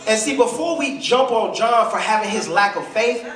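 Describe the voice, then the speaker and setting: A man's voice: high voice, moderate pace. Man, preacher, fervent sermon, heard from afar. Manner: impassioned call-and-response preaching, building to shouts. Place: church. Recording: echoey church hall, voice from a distance.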